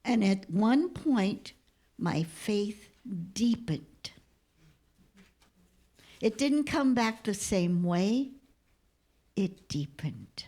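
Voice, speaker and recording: Slow, hushed woman minister preaching. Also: mid-range voice, lively intonation. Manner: slow, heartfelt storytelling with hushed, whispered moments. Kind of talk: sermon with storytelling. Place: church sanctuary.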